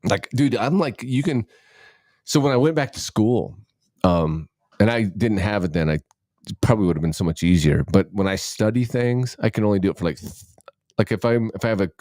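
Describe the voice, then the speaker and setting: Low-voiced man in rambling podcast chat. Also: a little fast, darkish tone, dry recording, clean studio sound. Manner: rambling, self-interrupting, swears freely. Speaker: podcast co-host. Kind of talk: casual chat.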